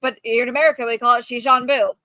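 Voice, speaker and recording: A woman co-hosting a casual podcast chat, thinking out loud and explaining her view at length, laughing easily. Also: fairly high pitch, brisk, dry recording. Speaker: co-host.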